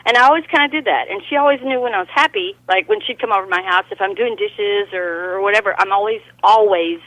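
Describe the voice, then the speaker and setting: A woman's voice: mid-range voice, quick pace, fairly bright tone, dry recording, low-quality recording. A middle-aged woman singer, a guest in a casual interview, chatting and laughing often. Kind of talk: casual chat.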